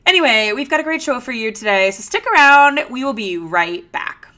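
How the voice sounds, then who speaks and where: A woman in her thirties hosting a podcast, telling a story in a chatty, animated way with lots of fillers. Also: on the high side, moderate pace. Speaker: podcast host. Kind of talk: casual storytelling monologue.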